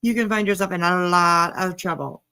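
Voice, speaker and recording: Woman streamer with a gravelly edge, sarcastic and chatty. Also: fairly low pitch, steady tone, normal speed, bright, forceful tone. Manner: sarcastic, chatty, greets viewers. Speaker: commentary streamer. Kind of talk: casual live commentary.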